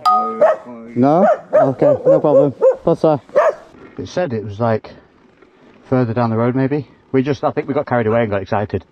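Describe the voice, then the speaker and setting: Excitable man vlogging outdoors. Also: medium pitch, normal speed, pauses often, highs cut off, background noise. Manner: excitable, jokey, playful with animals and locals. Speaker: motorbike travel vlogger. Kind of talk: casual on-the-road vlog chat.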